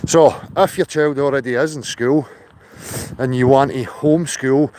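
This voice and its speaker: A man's voice: medium pitch, steady tone, moderate pace, a little mellow, no room sound. Man chatting on a livestream. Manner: chatty, greets viewers by name, swears in asides. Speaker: livestream host. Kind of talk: casual livestream talk.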